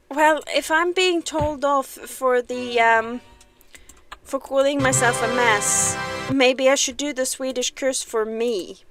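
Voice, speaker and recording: A woman's voice: high voice, takes it slowly, long pauses, fairly bright tone. A young woman casually chatting on a game livestream, self-deprecating and laughing often. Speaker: game streamer.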